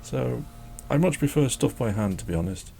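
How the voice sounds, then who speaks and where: A man's voice: medium pitch, lively intonation, moderate pace, vocal fry, dark tone, a little hiss or hum. A man chatting casually as he draws, rambling and joking and talking to his dog. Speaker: drawing channel host. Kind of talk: casual chat while drawing.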